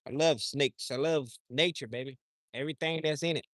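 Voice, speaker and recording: A man's voice: fairly high pitch, a little fast, fairly bright tone, no echo, studio quality. A man livestreaming outdoors, talking in a loose, rambling, slangy way and often repeating himself. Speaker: livestream host. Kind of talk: casual rambling chat.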